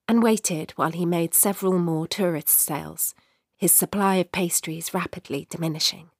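A woman narrating a short story in a measured, expressive way. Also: lowish voice, no room sound, studio quality.

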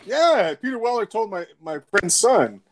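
A man's voice: sits high, very animated, moderate pace, a loud crowd. Rambling man retelling a friend's story. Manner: rambling anecdote, repeats words, acts out quotes. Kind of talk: casual chat.

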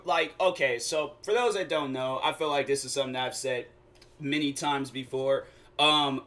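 A man's voice: fairly high pitch, sharp tone. A young adult man hosting a solo podcast, talking casually in a rambling, slangy way and correcting himself as he goes. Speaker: podcast host.

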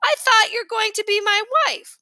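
A woman's voice: very high voice, steady tone, normal speed, sharp tone, no echo, studio quality, voice pushed up, heavily acted. A woman reading aloud, voicing a cheeky, stubborn, imaginative little boy in a storybook. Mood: teasing. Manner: playful, matter-of-fact, stubborn.

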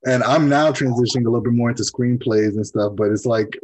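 Husky-voiced man hosting a laid-back interview. He talks in an earnest, encouraging way, with loose phrasing and plenty of "like"s and "you know"s. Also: medium pitch, quick pace, darkish tone, poor audio. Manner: earnest, praising, many fillers. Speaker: podcast host. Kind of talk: casual conversational interview.

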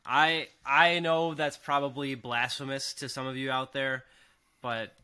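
A man hosting a casual sports podcast, opening with an upbeat, animated delivery and chatting with friends. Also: mid-range voice, a little slow, clean tone. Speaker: podcast host.

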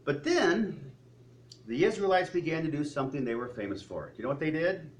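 A man preaching a sermon, telling stories with joking asides and animated retellings. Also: fairly high pitch, fairly quick. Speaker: pastor.

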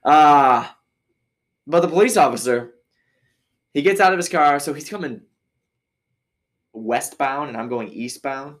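A man's voice: on the high side, a little slow, pauses often. A man from Michigan hosting a podcast, telling a story casually and rambling with many fillers and restarts. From Michigan, USA. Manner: acts out others' voices when quoting. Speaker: podcast host.

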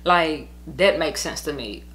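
A woman's voice: deep voice, a little slow, a bit bright. A woman with a Southern US accent, venting in a casual monologue, frustrated and repetitive, swearing now and then. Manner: frustrated, repeats herself, swears. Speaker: podcast host.

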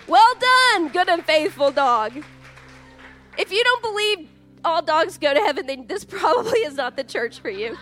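A woman in her forties preaching a sermon in a church, lively, chatty and joking as she talks. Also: very high voice, normal speed, soft background music. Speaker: pastor.

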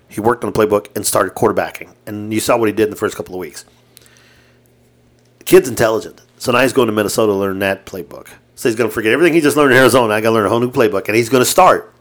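A man co-hosting a casual sports podcast, swearing a lot, excitable and laughing often. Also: fairly low pitch. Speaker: podcast co-host.

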